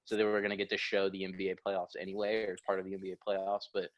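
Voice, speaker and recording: A man's voice: low-pitched, monotone, quick pace, muffled recording. A man co-hosting a podcast, chatting casually in a rambling, profane way. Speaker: podcast co-host. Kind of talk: casual chat.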